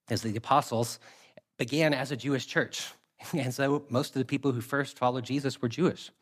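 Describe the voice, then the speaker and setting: A man preaching a sermon in a conversational way, reading scripture aloud and repeating key phrases for emphasis. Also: mid-range voice. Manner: reads scripture aloud in a steady cadence. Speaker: pastor.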